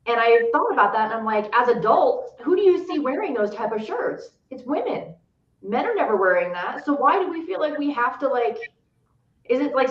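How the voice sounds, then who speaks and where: A woman hosting a casual podcast, talking reflectively and asking probing questions. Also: on the high side. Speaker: podcast host. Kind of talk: casual interview chat. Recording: echoey, distant, lo-fi sound.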